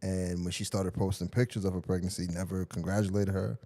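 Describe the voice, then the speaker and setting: A man's voice: deep voice, flat delivery, brisk, mellow, long reverb tail. A man co-hosting a casual podcast in a playful, teasing manner. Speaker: podcast co-host. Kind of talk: casual chat.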